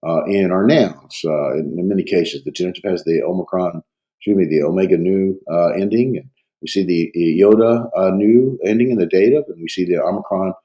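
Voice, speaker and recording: A man with a cold teaching a Greek grammar review, talking haltingly with many fillers and thinking aloud. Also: sits low, dull audio. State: has a cold. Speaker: Greek instructor.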